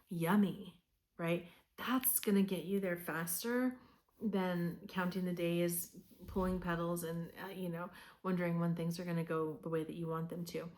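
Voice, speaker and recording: Her lowish, slightly mellow voice carries a casual tarot reading, rambling conversationally with lots of fillers. She takes an encouraging, coaching tone with the listener.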